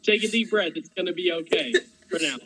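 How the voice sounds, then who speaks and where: A man's voice: high-pitched, fairly quick, vocal fry, bright, forceful tone, rough recording. A man chatting as a guest on a live stream, with dry, self-deprecating humor. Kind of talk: casual chat.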